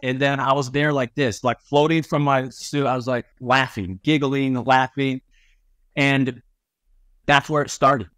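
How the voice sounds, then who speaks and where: A man from upstate New York, a podcast guest, telling stories in a relaxed way with lots of ums and likes. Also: mid-range voice, measured pace, no echo, studio quality. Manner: laid-back, many ums and likes. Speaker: podcast guest, former Olympic swimmer. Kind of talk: casual storytelling chat.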